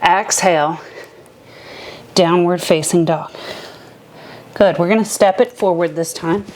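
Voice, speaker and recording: A young adult woman teaching a beginner yoga class, calmly cueing each breath and movement step by step. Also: on the low side, unhurried, a little hiss or hum. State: a little out of breath at times. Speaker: yoga instructor. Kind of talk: guided yoga class instruction.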